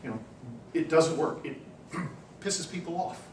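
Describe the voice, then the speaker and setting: A man giving a university class lecture, telling anecdotes in an animated, chatty way with frequent "you know"s. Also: a little high, a little slow. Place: lecture room. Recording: roomy classroom, distant mic, faint hum.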